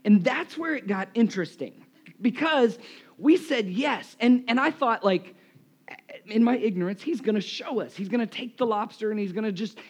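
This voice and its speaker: A man with a high voice preaches to his congregation. He is losing his voice and sounds hoarse. He tells lively, self-mocking stories into a live microphone in a church. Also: moderate pace. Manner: animated, self-deprecating storyteller. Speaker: pastor. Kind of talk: live sermon with storytelling.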